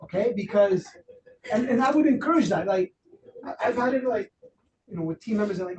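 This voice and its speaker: A man running a real estate training workshop, loose and animated, acting out quotes with plenty of fillers. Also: high voice, brisk, pauses often, dull audio. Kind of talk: workshop talk. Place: training room. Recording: roomy, distant, faint noise.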